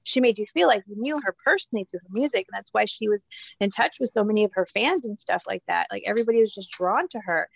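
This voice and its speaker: A woman from Corpus Christi, Texas, co-hosts a pop-culture podcast and talks in an animated, gushing way, with plenty of "like" and "you know." Her mid-pitched voice carries a strong gravelly fry. The recording is dry and close. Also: fast talker, no room sound, muffled recording. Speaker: podcast co-host. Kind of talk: casual pop-culture chat.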